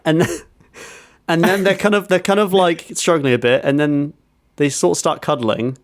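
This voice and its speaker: A man's voice: fairly high pitch, steady tone, normal speed, no room sound, clean studio sound. A man on a podcast telling a story, acting out quotes as he goes. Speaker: podcast co-host. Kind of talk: casual chat.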